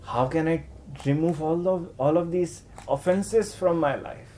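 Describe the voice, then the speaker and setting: A man's voice: on the high side, animated, a little slow, mellow. A man giving a devotional lecture, telling a story and acting out the characters' lines, with frequent "you know" and "huh?" tags. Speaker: spiritual teacher.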